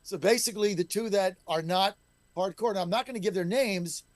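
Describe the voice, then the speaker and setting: A man's voice: high voice, a little fast, dry recording. A middle-aged man, a state legislator guest on a talk radio show, speaking in an emphatic, combative way. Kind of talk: call-in talk radio interview.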